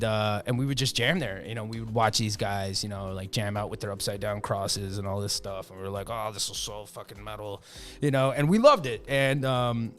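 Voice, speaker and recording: A man with a North Jersey accent, a podcast guest chatting casually and rambling with lots of "you know". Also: lowish voice. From northern New Jersey. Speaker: podcast guest, band member. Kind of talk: casual chat.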